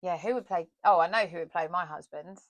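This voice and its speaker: A woman's voice: fairly low pitch, brisk, no room sound, highs cut off. A woman co-hosting a podcast about acting, chatting in a playful way and thinking aloud as she talks. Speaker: podcast co-host and actor. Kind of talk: casual podcast chat.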